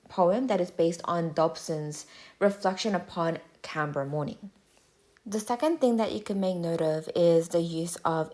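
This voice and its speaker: A woman tutor giving a measured, clear, step-by-step explanatory voice-over lesson. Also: on the low side.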